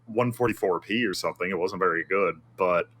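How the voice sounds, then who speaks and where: A man's voice: low-pitched, a little fast, fairly bright tone, a little hiss or hum. A man on a tech podcast, joking wryly and sharing opinions in casual chat. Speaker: podcast co-host.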